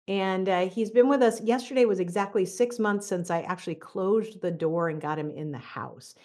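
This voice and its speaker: A middle-aged woman career coach giving a motivational talk, telling a personal story in an animated, chatty way with casual fillers. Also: medium pitch, normal speed.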